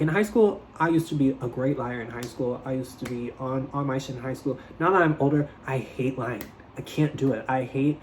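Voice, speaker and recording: A young man telling a storytime tale in a casual, animated, dramatic way, swearing freely. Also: on the high side, a little hiss or hum, low-quality recording. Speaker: vlogger.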